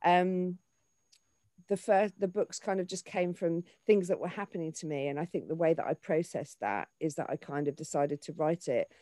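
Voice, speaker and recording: A woman in her forties, an actor and children's author, talking in an animated way in a casual interview, often restarting her sentences. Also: low-pitched, normal speed, no echo. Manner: animated, with frequent restarts and fillers.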